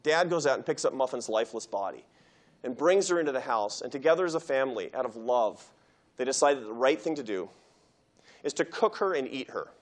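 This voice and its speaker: A man gives a public lecture at a university, delivering an anecdote in an animated storyteller's manner. His medium-pitched voice swings widely in intonation as he builds toward the point. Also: a little fast. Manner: animated storyteller, acts out quoted dialogue. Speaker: guest lecturer.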